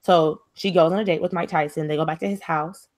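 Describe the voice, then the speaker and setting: A woman's voice: deep voice, steady tone, a little fast, a little mellow. A young woman co-hosting a casual talk show, retelling a story in a chatty way with lots of fillers. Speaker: podcast co-host. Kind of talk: casual chat.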